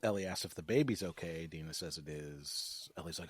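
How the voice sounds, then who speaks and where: Low-voiced wry podcast host. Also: male voice, brisk, breathy edge. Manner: wry, teasing. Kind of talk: casual chat, recapping an episode.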